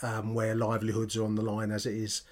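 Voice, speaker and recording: A man hosting a football podcast, responding to listener voicemails in a measured, thoughtful way. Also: on the low side, completely flat delivery. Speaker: podcast host. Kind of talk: podcast commentary.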